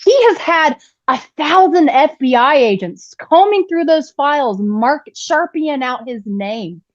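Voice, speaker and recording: A woman's voice: high voice, lively intonation, unhurried, highs cut off. A woman co-hosting a political livestream, asking questions in an incredulous, exasperated way. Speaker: co-host. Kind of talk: heated political livestream chat.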